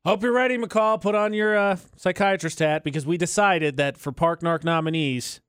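A man's voice: normal speed, a bit bright, smooth, dry recording. A man with a dry, self-mocking way of talking, co-hosting a casual radio show and reading its promos. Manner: dry, self-mocking, low-key delivery. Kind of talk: casual morning show banter.

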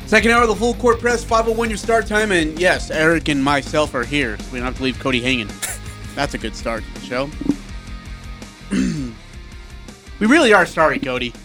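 A man's voice: a little high, moderate pace, pauses often, music in the background. A man co-hosting a radio sports talk show, telling a rambling story and laughing at his own jokes. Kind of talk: casual sports talk banter. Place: radio studio.

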